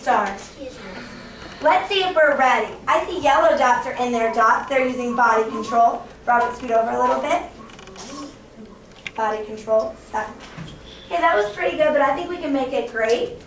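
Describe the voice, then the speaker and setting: A young woman teaching an elementary class, giving brisk countdowns, directions and praise to her students. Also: sits high, a little hiss or hum. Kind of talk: classroom management. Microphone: camera across the room. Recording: distant echoey classroom camera audio. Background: children moving about.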